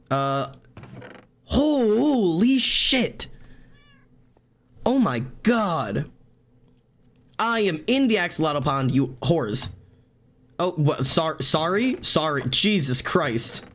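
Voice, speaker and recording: A man's voice: on the high side, sing-song, slow pace, long pauses, a bit bright. A young man streaming a game, exclaiming often and talking in an emotional, tearful, laughing way.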